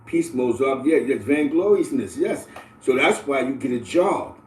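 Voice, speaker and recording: A middle-aged man from the Bronx, talking casually to livestream viewers in animated street slang and often asking "you know what I'm saying". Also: medium pitch, moderate pace, a little hiss or hum. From the Bronx, New York. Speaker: livestream host. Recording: roomy, distant from the mic.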